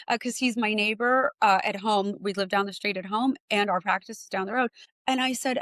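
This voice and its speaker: A woman's voice: medium pitch, quick pace, dry recording. A middle-aged woman, a physician and clinic head, talking as a podcast guest and acting out conversations as she tells stories. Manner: animated storyteller, acts out dialogue. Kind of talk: podcast interview.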